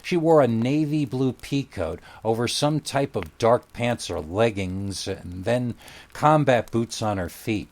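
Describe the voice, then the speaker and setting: A man's voice: mid-range voice, measured pace, darkish tone. A man reading a first-person scary story aloud in a wry, conversational storytelling manner. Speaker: story narrator. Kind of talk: scripted horror story narration.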